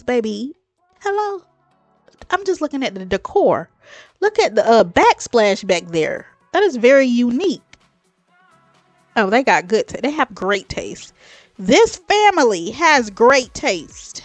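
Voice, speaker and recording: A woman's voice: on the high side, big pitch swings, a little slow, dry recording, faint music behind. A woman hosting a reaction video, talking chattily and emphatically, repeating "okay?" and calling her viewers "baby". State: tearing up. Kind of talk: casual reaction commentary.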